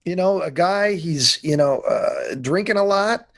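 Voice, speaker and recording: A man's voice: high-pitched, lively intonation, measured pace. A man chatting casually on a podcast about his improv performance, rambling and self-critical with lots of restarts. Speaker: podcast guest, improv actor. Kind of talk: casual chat.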